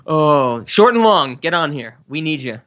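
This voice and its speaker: A man co-hosting a podcast in casual chat, excitable and laughing often. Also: fairly high pitch, unhurried, dull audio. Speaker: podcast co-host.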